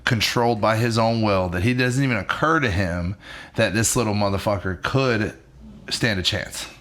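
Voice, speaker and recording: A man's voice: fairly low pitch, normal speed, a bit bright. A man co-hosting a podcast, chatting in a laid-back, slangy way about a film. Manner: laid-back, slangy, frequent agreeing fillers. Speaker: podcast co-host. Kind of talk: casual film discussion.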